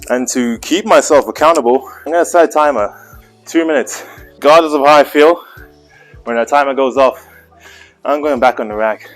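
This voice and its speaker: A man's voice: mid-range voice, moderate pace, pauses often. Young man vlogging from an indoor gym, slightly winded, joking, coaching asides. Mid-range voice, faint music in the background. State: out of breath between sets. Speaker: fitness vlogger. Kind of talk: casual vlog commentary.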